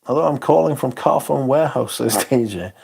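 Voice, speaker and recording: A man in the middle of his usual pitch range hosts a relaxed livestream. He rambles from one viewer comment to the next, chuckles often and swears freely. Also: a little fast, vocal fry, a little hiss or hum. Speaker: livestream host. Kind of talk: casual chat reading viewer comments.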